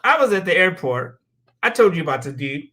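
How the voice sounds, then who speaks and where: A man's voice: a little high, big pitch swings, fairly quick, bright, forceful tone. A man from the United States hosting a show, delivering a heated, profane opinion monologue and telling stories with acted-out quotes. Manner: blunt, profane, heated ranting. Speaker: show host.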